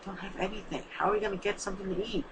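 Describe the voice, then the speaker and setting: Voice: mid-range voice, steady tone, very fast, noisy background, voice pushed up, lightly acted. A young fan reader voicing a shy young female sunflower plant who asks timid questions.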